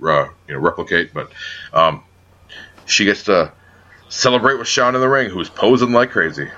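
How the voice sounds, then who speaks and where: Low-voiced guy, bright and punchy, swears a lot, podcast chat on dull lo-fi audio. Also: normal speed. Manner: profane, animated, ribbing his co-host. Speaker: podcast co-host. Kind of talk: casual wrestling podcast chat.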